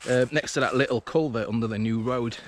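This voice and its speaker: Vlogging on foot along an old railway line, a man speaks in a mid-range voice a little faster than usual. The talk is casual walking commentary, full of thinking aloud and restarts. Outdoor background noise is faint.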